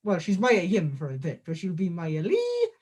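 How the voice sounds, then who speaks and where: A man, a guest on a comedic in-character interview, rambling through absurd jokes in a deadpan way. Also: sits high, moderate pace, husky.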